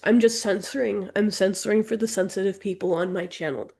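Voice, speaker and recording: Brief: sarcastic book reactor, woman, gravelly fry in a mid voice, jokey asides. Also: medium pitch, steady tone, fairly quick, dark tone. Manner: joking, sarcastic, self-mocking. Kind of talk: reading aloud with comic asides.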